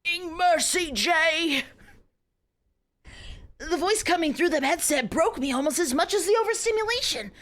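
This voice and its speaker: Fast and with hardly any pauses, a young woman reads spicy fiction aloud on stream in a high, very lively voice. Her pitch swings up and down, and she keeps interrupting herself to giggle and say sorry.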